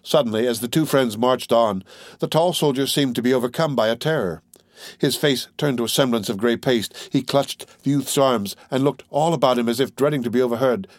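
A man narrating a classic novel as an audiobook in a measured, even reading. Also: mid-range voice, no room sound, clean studio sound.

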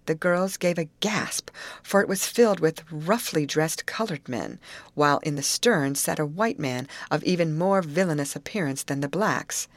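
A woman narrating an audiobook chapter in an even, measured storytelling manner. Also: low voice, dry recording. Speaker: audiobook reader.

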